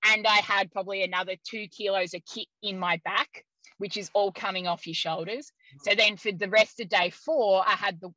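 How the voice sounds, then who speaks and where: A woman guest telling a story in casual conversation, lively, laughing often and using many "like" fillers. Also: mid-range voice, dry recording, low-quality recording. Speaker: interview guest.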